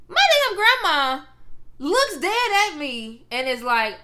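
A woman's voice: very high-pitched, lively intonation, moderate pace, pushed and bright, a little hiss or hum. A woman, co-hosting a podcast as a brash, profane storyteller who acts out what people said. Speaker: podcast co-host. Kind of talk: casual chat.

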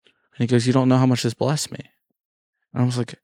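A man chatting casually as a guest, telling a story with lively acted-out quotes and many fillers. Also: medium pitch, brisk, dry recording, studio quality. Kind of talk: casual chat.

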